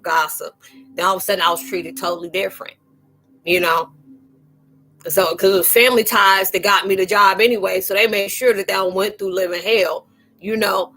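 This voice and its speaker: Woman spiritual host, casual live chat, animated and slangy, mid-pitched, laughs easily. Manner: chatty and animated, laughing and acting out quoted exchanges; slangy, informal phrasing.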